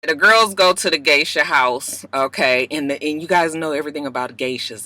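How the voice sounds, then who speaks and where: Bright-voiced, sassy woman recapping a show. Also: low-pitched, normal speed, few pauses, no echo. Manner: sassy, profane, animated storytelling. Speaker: reality TV recap vlogger. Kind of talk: casual reality show recap. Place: parked car.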